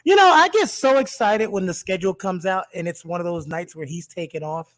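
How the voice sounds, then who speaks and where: A man's voice: high voice, expressive, brisk, dry recording. A man on a casual panel chat, cracking jokes at the host. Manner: wisecracking, teasing. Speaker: panel regular.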